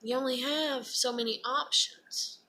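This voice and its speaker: Slow-talking woman in a bright tone. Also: sits high, fairly even intonation, slight background noise. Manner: earnest, rambling, turns loud and emotional when acting out despair. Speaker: speaker giving a personal talk. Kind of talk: unscripted personal monologue.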